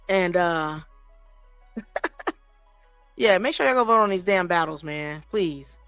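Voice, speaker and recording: Animated, profane woman telling stories. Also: medium pitch, dry recording. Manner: animated, profane, acts out quoted voices. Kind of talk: casual storytelling chat.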